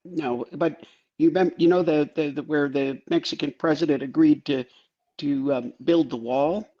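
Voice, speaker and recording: A man's voice: a little high, steady tone, normal speed. Wry male co-host with dull lo-fi sound. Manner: wry, joking asides. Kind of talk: casual chat.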